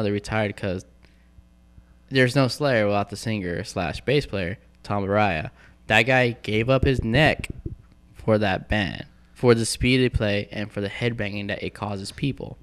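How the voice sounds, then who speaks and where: A young man, a guest on a casual podcast panel, tells animated stories and acts out other people's lines. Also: on the low side, clear, resonant tone. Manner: animated storyteller acting out quoted dialogue.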